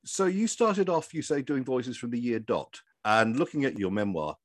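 A man's voice: medium pitch, animated, normal speed. A man interviewing a guest on a podcast, conversational and often restarting his phrases. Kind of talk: casual interview.

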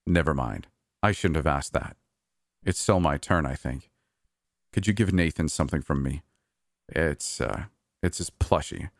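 A man's voice: very deep voice, measured pace, long pauses, dry recording, full character voice. A man voicing a guarded middle-aged park manager who speaks dryly and bluntly. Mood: grave. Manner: dry, quiet, blunt.

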